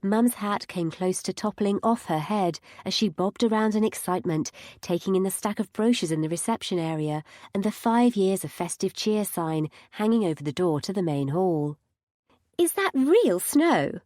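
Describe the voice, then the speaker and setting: A woman's voice: fairly low pitch, normal speed, few pauses, darkish tone, dry recording. A woman narrating a first-person audiobook with wry, dry humour.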